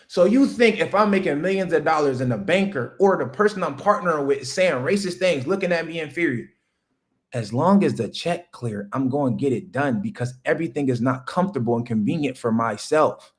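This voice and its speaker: A man, hosting a livestream and delivering a loud, preachy motivational rant that jumps high when he hammers a point. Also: animated, a little fast. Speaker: livestream host.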